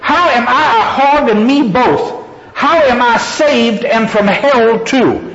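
Male reader voicing an indignant, furious farm woman; high, raised voice; echoey hall, dull recording. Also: lively intonation, normal speed, fairly bright tone, heavily acted. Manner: indignant, wailing and growling at God. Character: proud, furious stout middle-aged farm woman.

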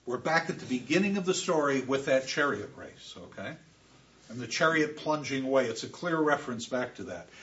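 A man giving a classroom lecture, expressive, with emphatic repetitions. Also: medium pitch, fairly quick, distant mic, dull audio.

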